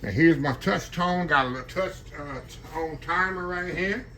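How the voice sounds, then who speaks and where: A man's voice: fairly high pitch, normal speed, fairly bright tone, a little hiss or hum. A man hosting a casual kitchen vlog, chatting to viewers as y'all while demonstrating a stand mixer, laughing often. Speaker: cooking channel host reviewing a stand mixer. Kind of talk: casual product demo vlog. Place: home kitchen.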